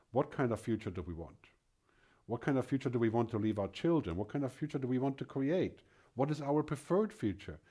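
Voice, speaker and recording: A man's voice: mid-range voice, a little mellow. A middle-aged man giving a conference keynote, emphatic and fond of rhetorical questions. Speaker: keynote speaker.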